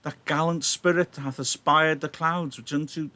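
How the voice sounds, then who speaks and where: A man's voice: fairly high pitch, fairly even intonation, normal speed, pushed and bright, voice pushed up. A man voicing a young male friend who brings grim news, reading solemnly.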